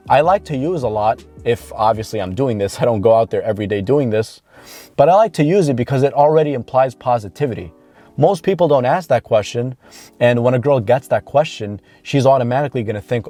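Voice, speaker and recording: A man's voice: mid-range voice, a little fast, warm tone, faint music behind. A man coaching viewers on dating, talking earnestly to camera and repeating key points for emphasis. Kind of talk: instructional talk to camera.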